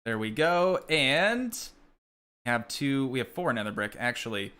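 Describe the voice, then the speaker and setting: An American man in his young adult years rambles through his gameplay in a loose, thinking-aloud way, talking to his viewers as he goes. His voice sits at an average pitch with a bright edge. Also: expressive, measured pace, clean tone. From United States. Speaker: gaming streamer. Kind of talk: casual live gameplay chat.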